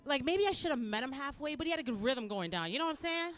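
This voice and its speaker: A woman from Canada in her thirties doing a stand-up set, acting out her kids and herself in loud, high voices. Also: lively intonation, fast, hardly any pauses. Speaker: stand-up comedian. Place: comedy club stage.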